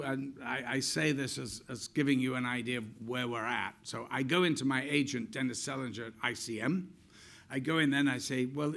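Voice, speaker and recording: Older man, gravelly bright storyteller. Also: mid-range voice. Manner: lively, irreverent storyteller, acts out quotes. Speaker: actor telling stories. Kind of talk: on-stage interview anecdote.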